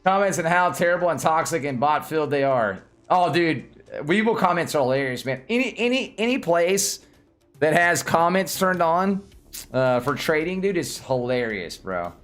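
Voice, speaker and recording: Southern tennessee guy streaming, chatty and giggly, kinda high voice, faint music in the back. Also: moderate pace. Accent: Southern American. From Tennessee, USA. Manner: laughs often, lively and excitable. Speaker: livestream host. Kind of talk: casual livestream chat.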